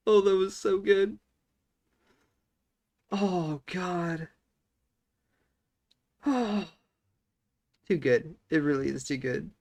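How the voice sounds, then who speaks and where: A man reacting to an anime episode in relaxed, chuckling chat. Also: high voice, drawn-out words, creaky, long pauses. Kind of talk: casual chat.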